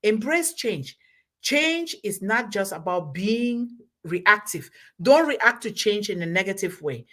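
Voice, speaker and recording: A woman's voice: mid-range voice, very animated, slow, fairly bright tone. A woman hosting a live show, giving an emphatic, repetitive motivational talk in a preacher-like way. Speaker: host.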